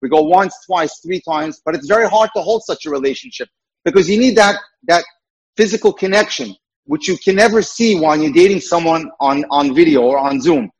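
Husky, earnest male dating mentor. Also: a little high, fairly quick, dull audio. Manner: earnest, emphatic, repeats key points. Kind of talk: lecture-style talk.

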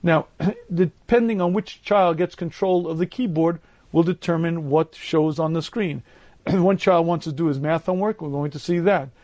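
Higher-voiced man lecturing, clears throat often. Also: darkish tone, lo-fi sound. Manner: slow, deliberate storytelling delivery. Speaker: Torah lecturer. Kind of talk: live lecture.

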